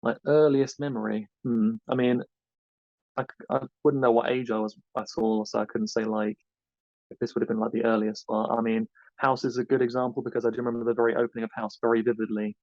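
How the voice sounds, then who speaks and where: Flat-voiced man, dull dry recording. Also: mid-range voice, quick pace, no room sound. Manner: rambling, loose and hesitant. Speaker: podcast co-host being interviewed. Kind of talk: casual interview answers.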